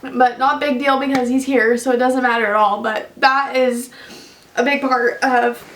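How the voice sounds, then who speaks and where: A woman's voice: high voice, steady tone, normal speed, fairly bright tone. A young woman vlogging casually, telling a long personal story with many fillers and restarts. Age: young adult. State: tearful at times.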